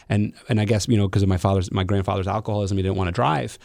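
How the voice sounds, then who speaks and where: A man's voice: lowish voice, fairly even intonation, very fast, gravelly, hardly any pauses, a little mellow, no echo, clean studio sound. A middle-aged man hosting a podcast, talking reflectively with many restarts and fillers. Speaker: podcast host. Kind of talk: casual interview conversation.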